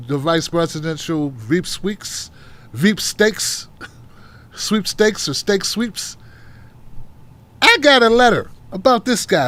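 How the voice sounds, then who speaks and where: High-voiced Tennessee man ranting. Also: fairly bright tone. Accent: Tennessee Southern. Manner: blunt, profane and mocking; fired up, rants with rhetorical questions. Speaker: political talk show host. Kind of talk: casual livestream commentary.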